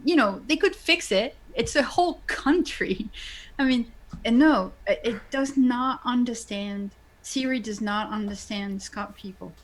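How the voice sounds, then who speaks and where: Woman in lively chat. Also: a little high, unhurried. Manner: animated, full of false starts. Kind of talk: casual chat.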